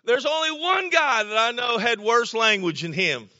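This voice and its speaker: Animated and moderately paced, a male pastor preaches a story-rich, down-home sermon in a very high, bright voice, echoing his phrases and shouting when he wants something to land. There's no room sound, and the audio is dry and a bit muffled.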